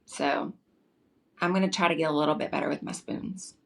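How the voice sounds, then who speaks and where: Low-voiced woman on a podcast. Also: steady tone, brisk, fairly bright tone. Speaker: podcast co-host. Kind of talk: casual storytelling chat.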